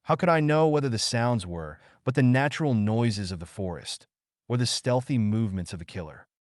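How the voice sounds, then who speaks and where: A man narrating an audiobook in a measured, suspenseful storytelling manner. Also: mid-range voice, animated, dry recording, clean studio sound.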